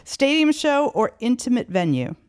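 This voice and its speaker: A woman's voice: on the high side, big pitch swings, moderate pace, a little mellow, dry recording, clean studio sound. A woman hosting a chat show, firing off playful this-or-that questions with a teasing edge. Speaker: host. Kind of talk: casual chat.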